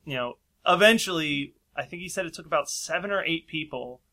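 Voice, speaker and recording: Bright-voiced man telling a story. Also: on the high side, expressive, fairly quick. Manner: rambling, laughs often, acts out quoted voices. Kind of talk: casual storytelling chat.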